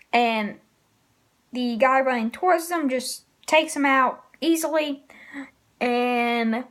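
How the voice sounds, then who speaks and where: A woman casually recapping comic chapters, pausing often with fillers. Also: high voice. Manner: hesitant, frequent filler pauses. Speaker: manga reviewer.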